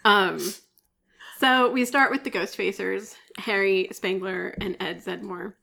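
A woman's voice: mid-range voice, steady tone, unhurried, vocal fry, bright, forceful tone. A woman co-hosting a casual fan podcast, laying out her points step by step and laughing often. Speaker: podcast co-host.

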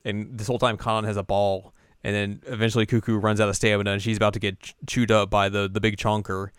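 A young man co-hosting a podcast, rambling through a casual anime episode recap in an animated way. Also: lowish voice, fast, clean tone, no room sound, studio quality. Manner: rambling, animated, keeps slipping into character voices. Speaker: podcast co-host.

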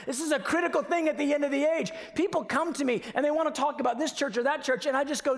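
A man preaching a sermon with passion, moving from quiet, conversational stretches to sudden shouted emphasis. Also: very high voice, quick pace, hardly any pauses. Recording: long reverb of a large hall.

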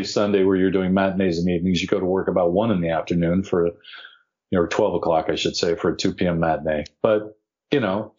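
Lively older man telling a story. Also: fairly low pitch. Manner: animated, acts out quoted voices, self-deprecating. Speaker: podcast guest, actor. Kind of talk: anecdotal storytelling. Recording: dull lo-fi audio.

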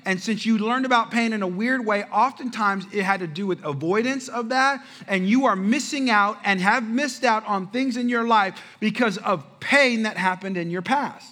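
High, bright-voiced preacher. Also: male voice, moderate pace, hardly any pauses. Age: adult father. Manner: animated storytelling, addresses the crowd. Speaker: pastor. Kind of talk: sermon.

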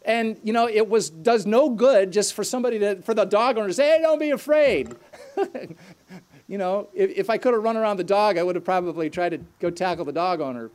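High-voiced earnest male preacher. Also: fast, few pauses, a little mellow. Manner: earnest, explanatory, with asides. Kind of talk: sermon.

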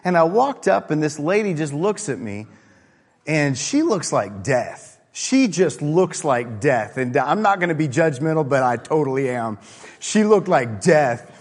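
Texas-raised minister, animated and conversational, fairly high voice in a reverberant sanctuary. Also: male voice, measured pace. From Austin, Texas. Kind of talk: sermon with personal storytelling.

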